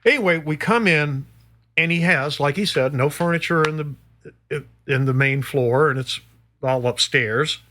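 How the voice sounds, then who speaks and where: A middle-aged man, a guest musician, telling a story in a casual, animated way, swearing and peppering it with "you know". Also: on the high side, moderate pace, a little hiss or hum.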